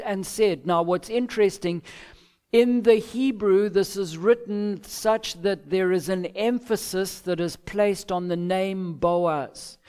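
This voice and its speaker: A man preaching an expository sermon, measured, with emphatic pauses and acted-out quotes. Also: high-pitched, a little mellow. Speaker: pastor.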